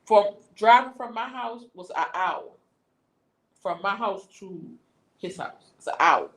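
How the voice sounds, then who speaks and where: A woman's voice: medium pitch, a little slow. A woman from Washington, D.C., hosting a live stream and telling a story in casual, profane talk. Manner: animated, profane storyteller who acts out quotes. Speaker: host. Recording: echoey room.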